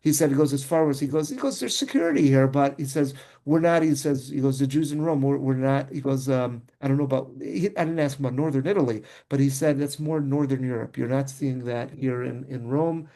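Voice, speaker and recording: A man's voice: medium pitch, fairly even intonation, a little fast, hardly any pauses, mellow. A man, a rabbi, telling a travel story in casual discussion, rambling with frequent restarts and self-corrections.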